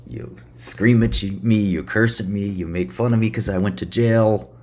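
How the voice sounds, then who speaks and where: A man's voice: lowish voice, steady tone, moderate pace, a little mellow. A man ranting sarcastically on a livestream, swearing and mocking his audience. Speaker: streamer.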